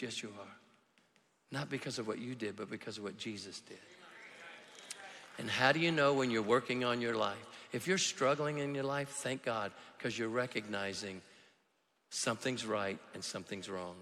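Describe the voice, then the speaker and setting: A man preaching a sermon as a pastor, telling stories and swinging from quiet asides to shouted emphasis. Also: medium pitch, moderate pace, long reverb tail. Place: large church hall.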